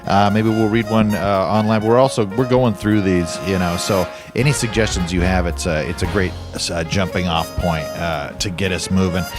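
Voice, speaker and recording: A man co-hosting a podcast in a relaxed, rambling way full of fillers. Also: sits low, normal speed, hardly any pauses, over music. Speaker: podcast co-host. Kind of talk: casual chat.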